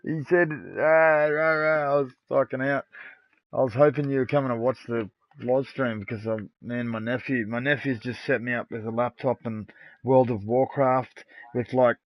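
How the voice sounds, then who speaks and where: A man's voice: mid-range voice, steady tone, normal speed, dry recording. A middle-aged Australian man streaming a game live, chatting in crude, boastful banter with lots of swearing. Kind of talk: casual live-stream gaming chat. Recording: dull lo-fi dry sound.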